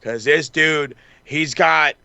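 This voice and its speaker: A man's voice: a little high, slow pace, vocal fry, bright, forceful tone, clean tone, no echo. A man co-hosting a wrestling podcast, rambling through a casual recap, swearing freely and acting out the wrestlers' lines. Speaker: podcast co-host.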